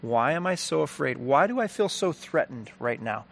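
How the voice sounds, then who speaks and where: A man's voice: fairly high pitch, big pitch swings, normal speed, gravelly, a bit bright. A man giving an earnest, conversational faith talk, telling a story and applying it.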